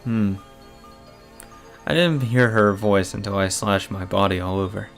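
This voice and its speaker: A man reading aloud the lines of a troubled young girl haunted by a curse, in a mostly plain, low voice. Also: measured pace, creaky, soft background music. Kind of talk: reading a visual novel aloud.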